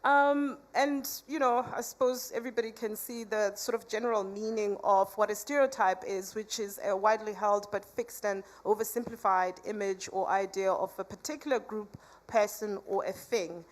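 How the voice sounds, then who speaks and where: A woman's voice: mid-range voice, fairly even intonation, normal speed. A woman from Africa, giving a chatty conference talk full of "you know" asides and banter with the audience. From South Africa. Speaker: conference speaker.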